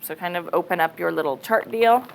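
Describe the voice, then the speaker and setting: A woman's voice: fairly low pitch, fairly quick, creaky, poor audio. A woman math teacher giving a casual classroom lecture, thinking aloud and checking in with students. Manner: casual, chatty, thinks aloud, says okay often.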